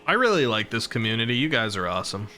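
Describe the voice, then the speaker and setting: Male streamer, chatty and laughing, talks to viewers; bright, punchy tone, soft music underneath. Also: medium pitch, sing-song, fast talker. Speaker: VTuber streamer. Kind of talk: casual live-stream chat.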